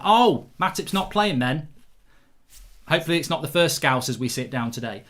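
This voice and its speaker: A middle-aged man hosts a casual football fan stream, reading out viewers' comments and answering them in an animated, excitable way, swearing freely and often restarting his sentences. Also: high voice, brisk. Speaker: football fan channel host reading live chat.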